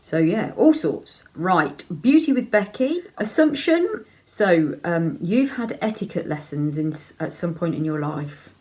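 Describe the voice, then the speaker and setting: Middle-aged leicester woman vlogging q and a, low voice, chatty and frank, lots of ums. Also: expressive, measured pace, a little mellow. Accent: Leicester English. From England (Leicester). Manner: chatty, frank, laughs easily, many ums. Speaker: vlogger answering viewer questions. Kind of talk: casual chat.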